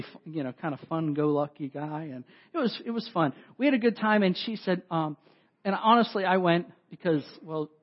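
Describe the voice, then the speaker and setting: A man preaching a sermon, telling a story with lively, self-deprecating asides to the congregation. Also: fairly high pitch. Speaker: pastor. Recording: dull lo-fi audio.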